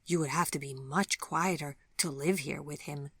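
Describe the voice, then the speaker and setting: A woman voicing a gentle, soft-spoken man with a calm, formal way of talking in an audiobook story. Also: sits low, moderate pace, slightly rough, no echo, clean studio sound, full character voice.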